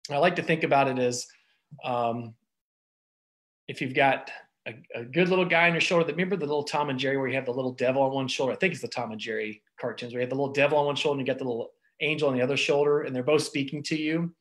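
A man's voice: mid-range voice, fast, fairly bright tone. A middle-aged man, a doctor, giving an earnest, personal motivational talk about stress and thoughts, with frequent restarts and fillers. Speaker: doctor giving wellness advice.

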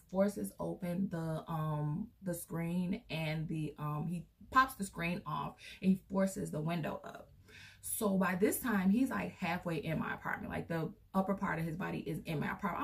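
A woman's voice: on the low side, creaky, darkish tone. A young woman vlogger telling a personal story in a casual, rambling way, full of fillers, recorded from a distance.

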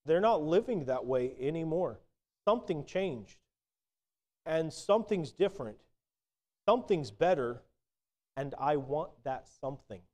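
A man preaching a sermon in a relaxed, conversational storytelling way, with some hesitant restarts. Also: on the high side, a little slow, pauses often.

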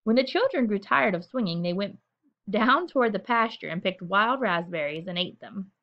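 A woman reads a children's story aloud at bedtime, gentle and expressive. Her pitch moves in a lively, animated way through the sentences. The recording sounds dull and lo-fi. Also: normal speed. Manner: gentle, expressive, chatty asides.

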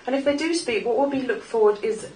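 A woman's voice: a little high, fairly quick, darkish tone. A woman in her forties giving an earnest, wry personal talk to a live audience at a small club, laughing now and then at her own jokes. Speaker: speaker at a live talk event. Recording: echoey room, distant mic, faint noise.

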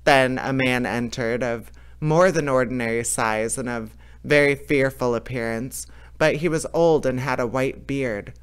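A man reading a fairy tale aloud in a lively way, with small slips and restarts. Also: mid-range voice, a little slow, few pauses, clean tone. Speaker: storyteller.

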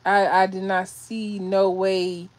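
A woman's voice: medium pitch, little pitch movement, slow, darkish tone. A woman telling a story to viewers on a livestream, emotional and shaky, rambling and repeating herself. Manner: rambling, restarts and repeats phrases. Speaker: vlogger doing a livestream. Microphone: phone or webcam on a livestream.

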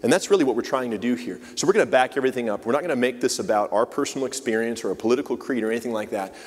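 A male preacher with a mid-range voice, speaking to his congregation in a relaxed, conversational way and often pausing to ask them questions. His words ring out with a long reverb, like a large church sanctuary. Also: mid-range voice. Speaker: church leader giving the message. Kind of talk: sermon.

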